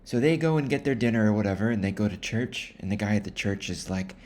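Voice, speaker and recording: Low-ish voiced guy retelling a book super casually, rambling, deadpan asides. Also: fast, hardly any pauses. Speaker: storyteller.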